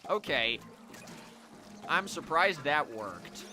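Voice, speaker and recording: A man's voice: a little high, sing-song, a little slow, pushed and bright, faint music behind. A young man giving live gameplay commentary as a streamer, chatty, reacting to the game and talking to his chat.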